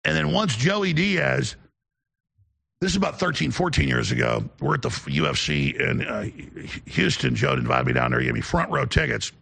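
A man's voice: medium pitch, sing-song, normal speed, vocal fry, a bit bright, slightly rough. A man hosting a show, telling long rambling anecdotes in a casual on-air manner. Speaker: show host.

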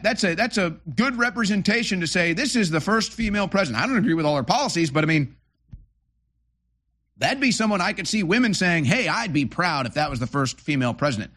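A man's voice: high-pitched, very animated, fairly quick, a bit bright. Sarcastic male political commentator. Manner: sarcastic, mocking. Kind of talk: opinionated commentary over clips.

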